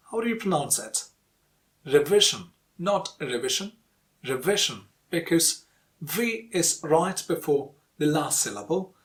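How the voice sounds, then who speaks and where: A man teaching an online pronunciation lesson, saying each example word slowly and repeating it as a drill. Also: a little high. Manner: calls for likes and subscribes.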